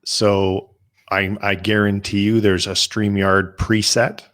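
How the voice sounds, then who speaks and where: A man from Western Canada, a podcast guest, talking in a relaxed, matter-of-fact way and explaining gear. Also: lowish voice, takes it slowly. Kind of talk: casual interview chat.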